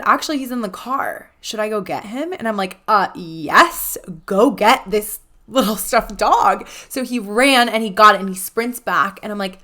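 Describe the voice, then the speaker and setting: A young adult woman tells a personal story on her podcast. She talks casually and with animation, slipping into the voices of the people in her story and filling her speech with "like.". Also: mid-range voice. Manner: animated, acts out quoted dialogue, frequent "like". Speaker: podcast host.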